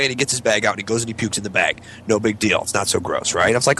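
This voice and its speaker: A man co-hosting a casual chat, telling gross stories in an animated, profane way and acting out the voices. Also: on the low side, very fast, few pauses, slight background noise. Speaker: co-host.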